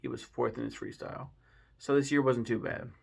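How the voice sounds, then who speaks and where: A man's voice: mid-range voice, steady tone, a little fast, gravelly, a little mellow, slightly rough. A young man giving blunt, profane, mocking commentary on rappers in a casual chat. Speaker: channel host.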